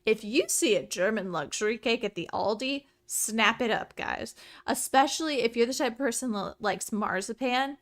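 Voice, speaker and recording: Host casting: a bubbly woman gamer chatting over gameplay, bright, slightly high voice. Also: moderate pace, hardly any pauses. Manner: chatty, excitable, rambling asides. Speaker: streamer. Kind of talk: let's play commentary.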